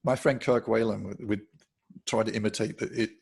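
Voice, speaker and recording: Gravelly older Englishman telling stories. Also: lowish voice, steady tone, brisk, a little mellow. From England. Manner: chatty, laughs often while telling anecdotes. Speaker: guitarist guest. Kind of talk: casual interview storytelling.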